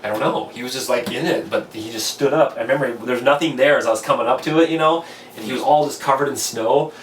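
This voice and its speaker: A man spins a rambling, profane ski story at an ordinary pitch, jumping into the voices of his own past reactions. He sits a little back from the mic in a roomy, echoing space. Faint noise hums under the talk. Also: quick pace, distant mic. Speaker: podcast host telling a story. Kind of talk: casual storytelling over beers.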